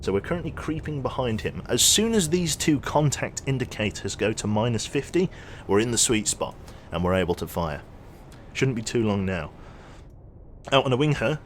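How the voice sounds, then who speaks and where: A young man casually commentating his gameplay on a livestream, chatty and quick to launch into an animated story. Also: mid-range voice, slight background noise. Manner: chatty, animated storyteller who thanks subscribers. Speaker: streamer.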